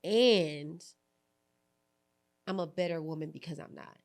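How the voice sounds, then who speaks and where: A young adult woman hosting a candid podcast conversation, telling animated stories, acting out quoted lines and laughing often. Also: sits low, measured pace. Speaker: podcast host.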